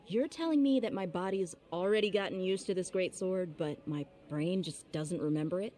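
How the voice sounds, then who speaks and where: A woman's voice: fairly low pitch, normal speed, mellow, a little hiss or hum, natural voice. A woman playing a blunt swordswoman. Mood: steady. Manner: blunt and self-assured. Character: confident young swordswoman mercenary. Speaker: professional fighter. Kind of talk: video game voice acting.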